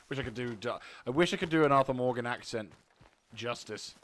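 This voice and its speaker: A man casually commentating a video game playthrough, chatting to himself and his in-game horse with bursts of excitement. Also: mid-range voice, a little fast. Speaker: gaming YouTuber. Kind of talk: casual let's play commentary.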